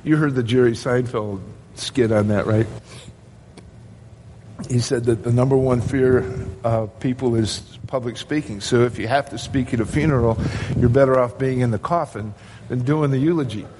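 A man's voice: mid-range voice, normal speed, a little mellow, slight background noise. A male pastor preaching a sermon to his congregation, earnest and asking rhetorical questions.

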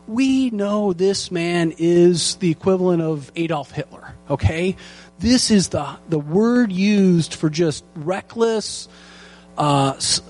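A man teaching a Bible passage in an earnest sermon, slowing down to stress the key lines. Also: sits high. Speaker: pastor teaching a Bible study.

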